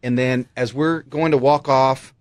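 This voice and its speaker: A man's voice: mid-range voice, fairly even intonation, measured pace, dry recording. A man hosting a casual radio talk show, telling a rambling story and laughing often. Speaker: host.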